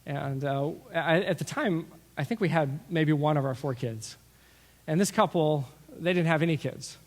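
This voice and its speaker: Pastor guy telling stories in his sermon, voice a bit high, big hall echo. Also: normal speed. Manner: storytelling, animated with asides and acted-out quotes. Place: church sanctuary. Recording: long reverb of a large hall.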